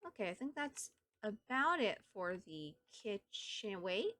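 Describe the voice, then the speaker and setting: Here she's unhurried but still very animated, her mid-range voice a bit bright with no room sound at all. The Southern US woman keeps up casual chatter with her stream viewers, musing aloud while playing.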